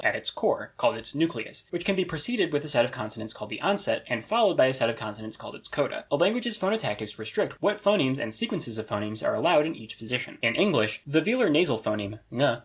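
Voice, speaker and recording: A man's voice: medium pitch, slightly rough. A young man narrating a scripted explainer video with a dry, lecturing delivery and wry asides.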